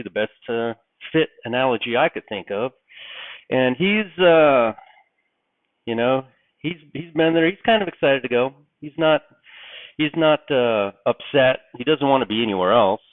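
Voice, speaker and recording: A middle-aged man giving a casual religious talk, rambling and animated with many restarts. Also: medium pitch, no room sound. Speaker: online religious commentator. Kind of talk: casual preaching talk to camera. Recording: tinny, phone-like, dry sound.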